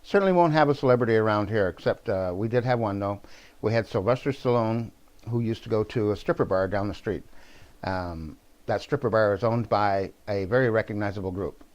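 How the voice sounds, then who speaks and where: A man's voice: lowish voice, fairly quick, a little mellow, muffled recording. A man from New Brunswick, talking in a rambling, digressive and opinionated way in a casual political monologue to camera. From New Brunswick, Canada. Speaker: vlogger.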